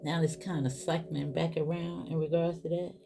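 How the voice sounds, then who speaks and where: Against a noisy background, a tarot reader in a low, creaky voice speaks at normal speed. She does a casual reading, addressing her viewers straight on as boo and y'all, animated and exclaiming as she goes.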